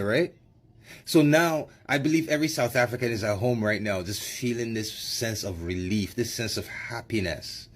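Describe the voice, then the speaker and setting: Sarcastic husky man ranting. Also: mid-range voice, moderate pace. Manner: sarcastic, mocking, emphatic. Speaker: commentator in a played clip.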